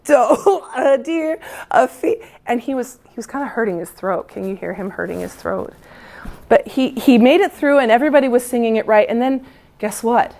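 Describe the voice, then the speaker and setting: A music teacher addressing fellow teachers in a brisk, playful workshop style. Her voice sits on the higher side, and she slips into children's reactions as she tells a story. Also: creaky, a little mellow.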